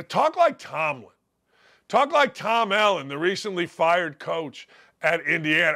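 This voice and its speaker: An older man hosts a sports talk show. His voice is gravelly from days of yelling, yet fairly high and bright. He rants bluntly and sarcastically, with a combative edge. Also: very animated, unhurried. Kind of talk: opinionated sports radio rant.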